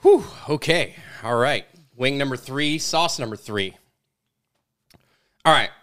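A man's voice: mid-range voice, expressive, slow pace, fairly bright tone. A man hosting a casual interview while eating hot wings, chatty and rambling with many fillers. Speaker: podcast host.

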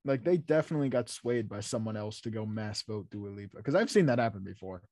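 A man's voice: fairly low pitch, lively intonation, fast, a little mellow, dry recording, studio quality. A man co-hosting a casual radio chat, teasing and laughing often. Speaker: co-host.

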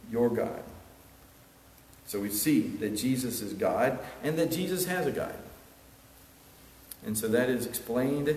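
A man preaching a sermon earnestly, building to emphatic peaks and then dropping quiet. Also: medium pitch, slight background noise. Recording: echoey hall with long reverb, faint ambience.

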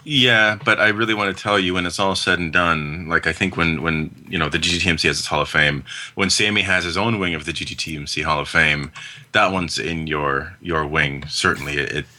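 Man, podcast co-host, low pitch, very bright forceful tone, enthusiastic, cusses a lot. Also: fairly even intonation, brisk. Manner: enthusiastic, swears freely. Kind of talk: casual chat.

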